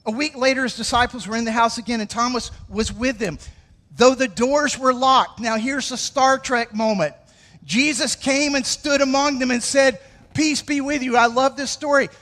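A man preaching a lively, conversational sermon and calling on the congregation to join in. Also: extremely high pitch, moderate pace. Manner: energetic, conversational preaching with audience call-outs. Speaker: pastor. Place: church sanctuary. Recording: long hall reverb.

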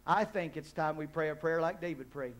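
High-voiced preaching pastor, man. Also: brisk. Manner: preaching with rising, emphatic call-and-response. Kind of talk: sermon. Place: church hall.

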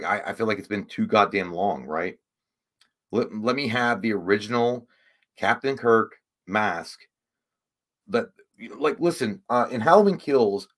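A man's voice: lowish voice, a bit bright. A man hosting a casual livestream, rambling and swearing, easily frustrated. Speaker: livestream host.

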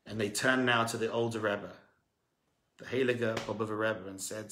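A man, a rabbi, preaching a sermon through dramatic stories, moving between hushed asides and fervent, rising calls to his listeners. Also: on the low side, level tone, normal speed, pauses often, reverberant. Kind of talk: storytelling sermon.

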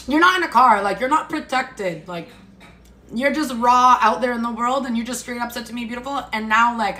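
A woman's voice: a little high, sharp tone. Blunt, laughing woman streaming from a kitchen. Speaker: livestream host. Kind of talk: casual chat while eating. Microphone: phone. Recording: echoey room with faint music.

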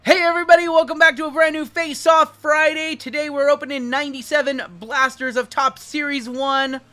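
Man imitating a hyped male card-video host, very high, loud, bright. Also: brisk, faint music behind. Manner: shouty over-excited video intro.

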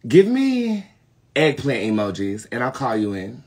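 A young man from North Carolina with a Southern accent, hosting a live tarot reading stream and talking to viewers in a sassy, profane way that swings from loud to muttered asides. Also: medium pitch, wildly swooping pitch, unhurried, husky. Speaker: tarot reader, live show host.

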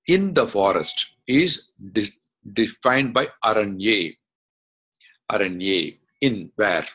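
A man teaching an online class, explaining slowly step by step and asking questions as he goes. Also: lowish voice, expressive, pushed and bright. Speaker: Sanskrit teacher. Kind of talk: online lesson. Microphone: video call.

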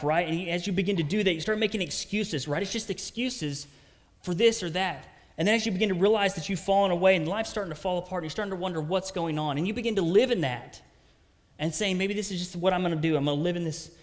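A male pastor preaches in an earnest, conversational way, checking in with his listeners as he goes. His voice sits a bit high for a man. The sound carries a long reverb, as from a church sanctuary. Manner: earnest, conversational preaching with frequent "right?" asides. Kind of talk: sermon.

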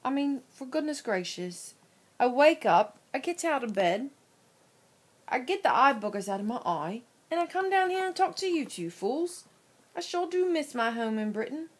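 A woman's voice: high-pitched, sing-song, normal speed. Woman doing a snooty boy cootie with a fake posh accent. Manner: snooty and put-on. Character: pompous boy cootie faking a British accent. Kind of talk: cartoon voice acting.

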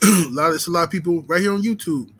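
Dude, chillin on a boxing stream, cussin, lots of "you know what im sayin". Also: male voice, on the high side, quick pace, a bit bright, slight background noise, rough recording. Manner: laid-back, profane street talk with lots of "you know what I'm saying". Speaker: boxing channel host. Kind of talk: casual livestream chat reading the super chat.

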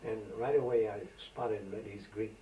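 This man, in his eighties and from Macedonia, spins anecdotal, filler-heavy stories while reminiscing for an oral history interview recorded at a distance on roomy tape. His voice is fairly low and fairly even at normal speed, heard through narrow, tinny audio with a little hiss or hum.

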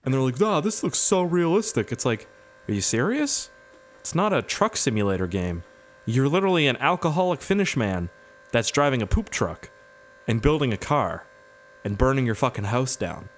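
Playing a driving game, this man, a gaming YouTuber, keeps up a loose, swearing, wandering commentary at a normal speed. His mid-range voice is very lively. The in-game vehicle engines roar loudly behind him.

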